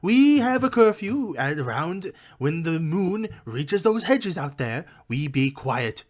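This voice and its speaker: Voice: sing-song, slow. A tabletop game master voicing a stubborn goblin squatter who defends his home. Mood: defensive. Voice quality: high, pinched goblin voice. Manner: indignant, stubborn.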